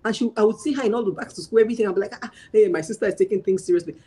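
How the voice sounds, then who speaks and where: A woman guest sharing her parenting experience in casual chat, telling animated stories, acting out dialogue and laughing often. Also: mid-range voice, very fast, breathy edge, rough recording.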